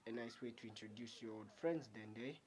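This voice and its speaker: A man's voice: medium pitch, normal speed, darkish tone, natural voice. A man voicing a mocking male demon invader who sneers at his foes, read out while reviewing a comic. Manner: taunting, sneering.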